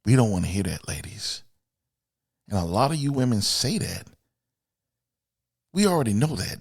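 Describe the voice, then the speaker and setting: A man hosting a podcast, delivering a blunt, profane, opinionated monologue aimed at women, swinging between loud outbursts and low asides. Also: sing-song, normal speed, vocal fry, long pauses, husky. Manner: blunt, profane and emphatic, addressing women directly. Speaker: podcast host.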